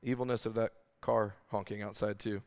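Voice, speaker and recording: Man preaching in a smooth voice. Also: lowish voice, moderate pace. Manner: earnest, animated preaching with rhetorical questions. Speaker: pastor. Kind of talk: sermon. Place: large room with congregation.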